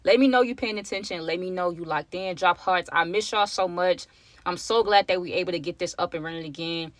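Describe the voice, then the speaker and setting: A woman's voice: lowish voice, a little fast, dry recording. Chatty young woman telling a story. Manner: chatty, addresses viewers as y'all. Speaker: storytime vlogger. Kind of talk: casual storytelling.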